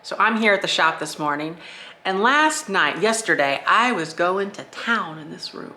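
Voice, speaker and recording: A man touring his vintage shop on a casual vlog, thinking out loud and chuckling as he goes, recorded on a handheld camera and later a phone. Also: high-pitched, expressive, normal speed, slight background noise. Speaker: shop owner and vlogger. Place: indoor vintage shop room. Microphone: handheld camera, then phone.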